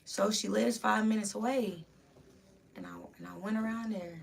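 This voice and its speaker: A woman guest on a podcast telling an emotional personal story in an animated way, full of "like". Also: medium pitch, normal speed, creaky, husky. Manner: animated, lots of "like", voices rising with the story. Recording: distant mic, faint room hiss.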